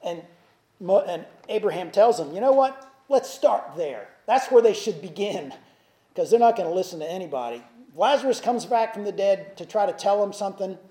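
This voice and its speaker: A man's voice: high-pitched, lively intonation, moderate pace, warm tone, reverberant. A man preaching a sermon in a church, talking in a conversational way with asides and restarts. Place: church sanctuary.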